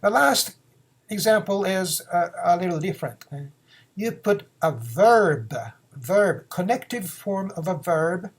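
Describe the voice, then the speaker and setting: A man's voice: sits high, lively intonation, slow. A man, teaching phrases in a casual lesson, repeating words and acting out example lines. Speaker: Japanese teacher.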